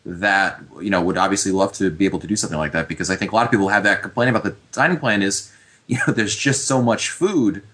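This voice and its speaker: Bright-voiced male radio host. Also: sits low, fast. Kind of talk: casual call-in radio chat.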